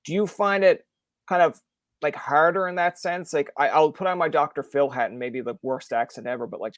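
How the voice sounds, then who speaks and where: A man's voice: on the high side, brisk, dry recording. Chatty man hosting a podcast, dry sound. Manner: animated, rambling storyteller with many fillers. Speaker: podcast host. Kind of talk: casual interview chat.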